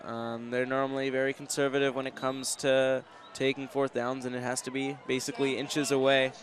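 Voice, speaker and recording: A young man giving measured, analytical color commentary on a high school football game from an outdoor booth. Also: flat delivery. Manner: measured, hesitant with fillers, analytical. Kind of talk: sports commentary. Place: outdoor press booth at a stadium. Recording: outdoor stadium with faint band music.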